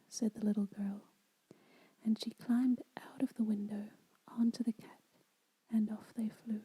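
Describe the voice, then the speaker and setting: Slow breathy whispering woman. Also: fairly high pitch, level tone, low-quality recording. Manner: soft, unhurried whisper. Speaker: ASMR storyteller. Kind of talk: whispered ASMR story reading.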